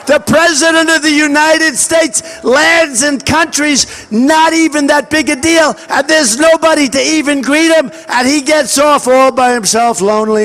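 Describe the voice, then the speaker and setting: An older man speaking into a podium microphone at a large outdoor rally, his voice pushed unusually high as he shouts to the crowd. He is boastful and repetitive, and acts out the dialogue he quotes. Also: measured pace, few pauses. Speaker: political candidate at a campaign rally. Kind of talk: campaign rally speech.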